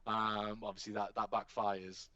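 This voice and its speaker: A man's voice: fairly low pitch, unhurried, no echo. Man telling stories. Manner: animated storytelling, casual swearing. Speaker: professional wrestler guest. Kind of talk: casual podcast chat. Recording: dull, dry podcast recording.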